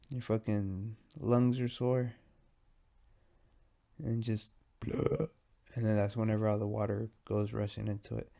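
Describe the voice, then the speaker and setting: A stoned man talks alone on his podcast with a gravelly voice that sits at an ordinary pitch. He rambles from one thought to the next, swears freely and keeps making fun of himself. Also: mellow. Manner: rambling, profane and self-mocking. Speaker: podcast host. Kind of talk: casual solo podcast monologue.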